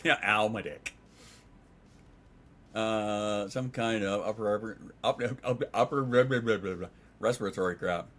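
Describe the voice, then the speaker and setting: A man's voice: on the low side, unhurried, a bit bright. A man chatting casually on a livestream, reading chat aloud and replying in a rambling, profane way with frequent restarts. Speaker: streamer.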